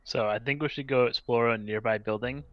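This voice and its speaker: A man's voice: mid-range voice, fairly even intonation, fairly quick, no room sound, lo-fi sound. A man playing a tabletop game, talking earnestly with small hesitations. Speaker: player. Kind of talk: casual tabletop game chat.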